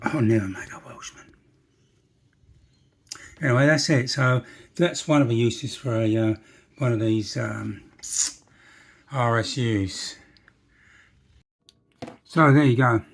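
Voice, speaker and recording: A model railway hobbyist speaks slowly with vocal fry and long pauses in a mid-range voice. Working at his bench, he chats to himself and drops jokey remarks in a relaxed demonstration of his model-making.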